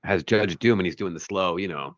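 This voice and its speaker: A man with a hoarse, strained voice co-hosts a podcast and chats crudely about movies. His voice sits extremely low, and the recording sounds dry and a little dull. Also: a little fast, no room sound. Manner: crude, joking, does voice impressions. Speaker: podcast co-host. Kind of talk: casual chat.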